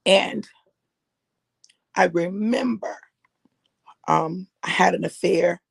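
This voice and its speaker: A middle-aged woman preaching, her voice gravelly and husky. She talks conversationally, circling back and repeating phrases for emphasis. The recording is close and dry, with no room sound. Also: on the low side, takes it slowly, dry recording. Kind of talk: personal testimony sermon.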